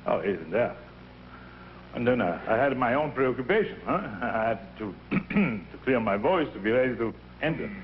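A man's voice: mid-range voice, normal speed, few pauses. Older Italian-accented man teaching opera. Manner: animated, acts out scenes and voices while teaching. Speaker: opera teacher leading a masterclass. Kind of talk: teaching and storytelling. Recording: dull lo-fi archival recording with faint noise.

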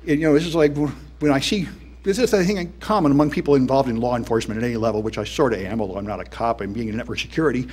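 Husky, wry man giving a conference talk. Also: medium pitch, very fast, a little mellow. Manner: wry, dismissive, conversational with many fillers. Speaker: conference speaker. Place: conference hall.

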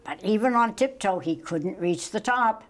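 An older woman slowly reading a children's picture book aloud, gentle and halting with small slips. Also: mid-range voice, animated. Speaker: storytime reader.

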